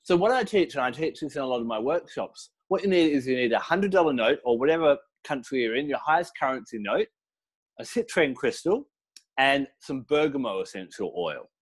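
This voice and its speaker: A middle-aged man giving a casual interview, explaining crystal practices with relaxed storytelling and fillers. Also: medium pitch, fairly quick, slightly rough. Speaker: crystal and essential oil teacher, guest.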